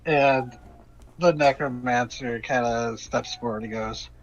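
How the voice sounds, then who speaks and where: A man's voice: mid-range voice, fairly even intonation, dull audio. A man running a tabletop game as game master, narrating casually with frequent restarts. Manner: casual, halting, with many restarts.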